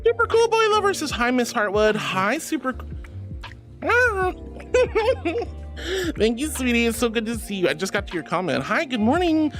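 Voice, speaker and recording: A woman streaming live, chatting with her viewers in a bubbly, affectionate way. She calls them sweetie and honey, giggles often, and has a voice that is a bit deep for a woman. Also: big pitch swings, moderate pace, fairly bright tone, faint music behind. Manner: giggly, playful asides. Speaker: VTuber streamer. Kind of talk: livestream chat with viewers.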